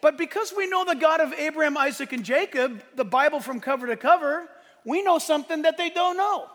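A pastor preaching a sermon in a church, swinging between quiet asides and loud emphatic lines, with a congregation listening. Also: male voice, very high voice, expressive, brisk. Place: church sanctuary. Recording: echoey church hall with congregation.

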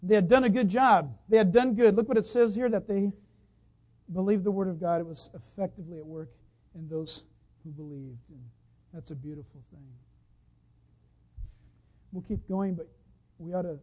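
A man preaching a sermon, telling a story as he goes, dropping from hushed to loud excited outbursts. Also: sits high, moderate pace, lo-fi sound. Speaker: pastor.

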